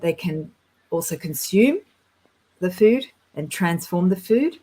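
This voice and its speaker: A woman telling of spiritual experiences in a casual conversation, earnest and rambling, and quick to get excited. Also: lowish voice, slightly rough, low-quality recording. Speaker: guest sharing spiritual experiences.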